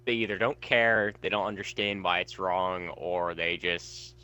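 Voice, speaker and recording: A man's voice: low-pitched, fairly even intonation, a little slow, pushed and bright, smooth. A man co-hosting a casual gameplay chat, talking in an easygoing, agreeable way. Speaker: co-host, fellow player.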